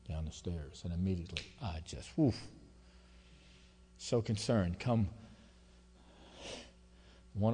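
A man preaching a sermon as pastor, telling stories in a folksy, emotional way that swings between loud and hushed. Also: lowish voice, slightly rough. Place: church sanctuary. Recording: long hall reverb.

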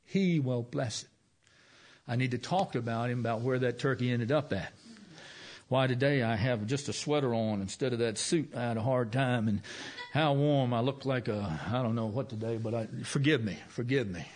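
Folksy male pastor preaching softly. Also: mid-range voice. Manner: folksy, conversational, with long pauses and soft emphasis. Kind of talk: sermon.

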